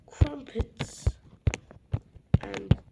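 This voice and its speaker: A woman putting on a chummy, slangy British bloke who loves his tea. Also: drawn-out words. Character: cheeky stereotyped British bloke, tea-loving. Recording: loud background noise.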